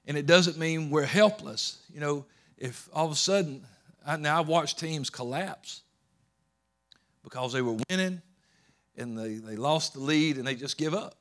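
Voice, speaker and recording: A man preaching a sermon, swinging between loud emphatic peaks and low soft storytelling, often repeating words and restarting. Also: unhurried. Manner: rising to loud emphatic peaks, then dropping low and soft while retelling scripture.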